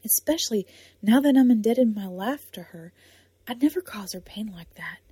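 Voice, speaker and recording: A tough, spirited young woman from a storybook talks in a lively, teasing way, as a woman reads her. Her voice stays mellow and breathy, close and dry. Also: moderate pace, no echo. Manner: lively and teasing, rising pitch.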